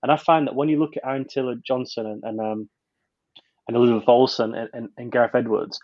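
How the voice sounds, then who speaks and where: A man's voice: mid-range voice, steady tone, fast talker, lo-fi sound. A man reviewing a film on a podcast in casual chat, rambling with many restarts.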